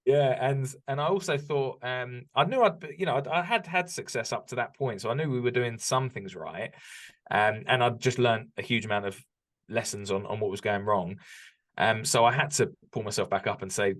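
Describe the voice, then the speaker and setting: A man's voice: medium pitch, normal speed, a bit bright. A British man talking candidly as a podcast guest, reflective and open, with frequent restarts and ums. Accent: British English. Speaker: podcast guest, business owner. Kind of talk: casual interview chat.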